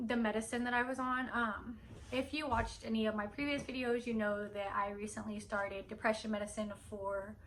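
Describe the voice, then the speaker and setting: A young woman talks straight to her camera at home late at night, her voice bright and a little higher than most. She rambles in a loose, chatty way, full of fillers. A faint hiss of noise runs underneath. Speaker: vlogger. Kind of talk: casual vlog update. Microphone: camera on a stand.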